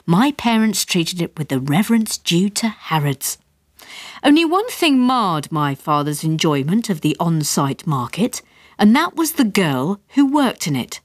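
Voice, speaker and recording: A woman's voice: lowish voice, big pitch swings, a little slow, dry recording. Wry woman narrating a story. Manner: wry, dry comic storytelling.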